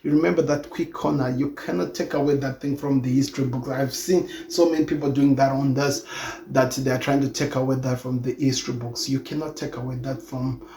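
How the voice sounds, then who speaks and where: A man's voice: mid-range voice, steady tone, brisk, creaky, dark tone. A man giving his opinion on football in an earnest, emphatic way, often repeating himself as he hosts his own channel. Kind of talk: opinion commentary monologue. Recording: echoey room with faint ambient noise.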